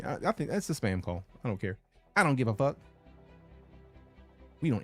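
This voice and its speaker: Lively, animated male streamer. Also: lowish voice, normal speed, long pauses, faint music behind. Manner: casual, profane, reads chat messages aloud. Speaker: game streamer. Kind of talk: casual live-stream chat.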